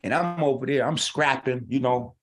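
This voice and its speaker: A man's voice: medium pitch, moderate pace. A man hosting an online talk stream, giving a profane, rhetorical, argumentative casual monologue.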